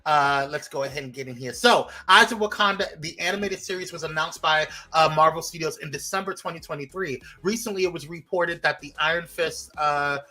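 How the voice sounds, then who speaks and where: A young man co-hosting a casual live podcast, energetic and loose with fillers and laughs. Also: a little high, fairly quick, hardly any pauses. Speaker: co-host.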